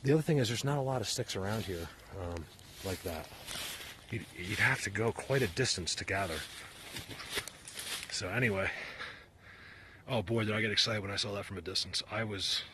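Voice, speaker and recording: A man filming an outdoor vlog on a mountainside, talking to his viewers excitedly and out of breath. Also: fairly low pitch, moderate pace, long pauses, slight background noise. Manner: animated, talks to viewers while filming. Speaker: vlogger.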